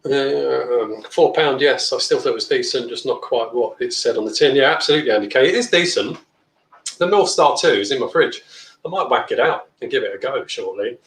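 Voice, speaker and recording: A man's voice: mid-range voice, fairly quick, a bit bright. Chatty man in an echoey room. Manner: chatty, blunt, reads out viewer comments. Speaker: beer review channel host. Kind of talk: casual live-stream chat.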